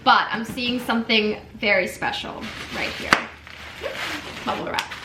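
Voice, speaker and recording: Young woman, vlogger, bright crisp voice, slightly high, gushy chatty unboxing talk, echoey room. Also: measured pace, slight background noise. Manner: gushing, emotional, chatty with many fillers. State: tearful. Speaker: lifestyle vlogger. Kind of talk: casual unboxing chat. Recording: echoey room with faint ambience.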